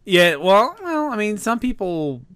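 Higher-voiced man, chuckling co-host. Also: very animated, unhurried, fairly bright tone, clear, resonant tone. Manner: laughs often and backs up the other speaker with short replies. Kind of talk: casual movie discussion.

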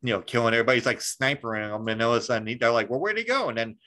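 Male podcast host, casual and rambling, filler-heavy, swears, mid pitch. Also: little pitch movement, racing, pushed and bright, rough recording. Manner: rambling, swears freely, many fillers and restarts. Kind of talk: casual chat.

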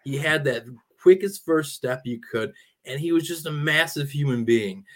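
Enthusiastic fan with a slightly high voice. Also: male voice, expressive, moderate pace. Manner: enthusiastic, laughs often. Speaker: guest co-host, sports fan. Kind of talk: casual sports podcast chat.

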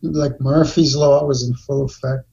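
A man's voice: medium pitch, fairly even intonation, unhurried, creaky, mellow. A man co-hosting a podcast in casual chat, rambling with lots of fillers and heavy swearing. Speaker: podcast co-host. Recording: dull lo-fi sound.

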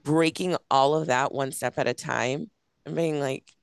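A woman's voice: deep voice, fairly even intonation, measured pace, creaky, smooth, no echo, studio quality. A young woman hosting a podcast, talking in a gushing, casual way full of "like"s. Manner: gushing, filler-heavy with many "like"s. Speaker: podcast host and coach. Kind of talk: casual interview chat.

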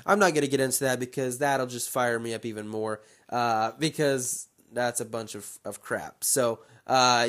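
A man's voice: mid-range voice, normal speed. Fired-up young man ranting on his podcast. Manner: animated, rambling, gets fired up and ranting. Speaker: podcast host. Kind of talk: casual solo podcast chat.

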